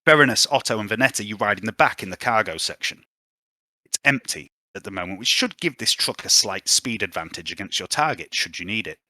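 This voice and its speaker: A man narrates a tabletop role-playing session, building dread with theatrical storytelling. His voice is bright and edgy, and it rises and falls a lot. The recording is dry and close. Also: on the low side, expressive, fairly quick, no echo. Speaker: game master. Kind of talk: dramatic narration of a tabletop game.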